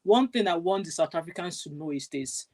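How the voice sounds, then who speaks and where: Woman, Nigerian accent, fast talker, emphatic, repetitive, live stream rant. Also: on the low side, expressive. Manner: emphatic, repetitive, forceful ranting. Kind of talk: impassioned live stream talk. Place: United Kingdom.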